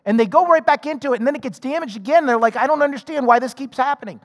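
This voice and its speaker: A man's voice: very high voice, racing. A man preaching a sermon as pastor, talking conversationally and acting out both sides of the conversations in his stories. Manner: acts out both sides of dialogues in his illustrations; conversational, with frequent repeated words and restarts. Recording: long reverb of a large hall.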